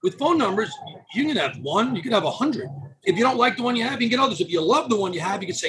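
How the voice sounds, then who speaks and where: A man speaking as a podcast guest in casual interview talk, animated and acting out what his clients say. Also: high voice, quick pace, a crowd in the background. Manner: animated, acts out clients' quotes. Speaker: podcast guest, phone number business owner.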